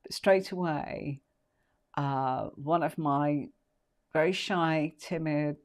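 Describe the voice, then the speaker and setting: A woman's voice: low-pitched, slow pace. Woman hosting a casual tarot tutorial live, rambling and chatty, filler-heavy. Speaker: tarot teacher.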